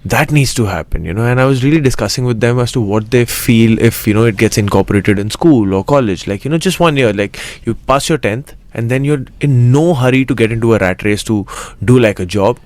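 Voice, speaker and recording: A man's voice: medium pitch, a little fast, hardly any pauses, darkish tone. A young adult man from Mumbai, a guest in a casual interview, talking eagerly with many restarts and fillers. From Mumbai, India. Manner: eager, rambling with frequent restarts. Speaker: actor guest.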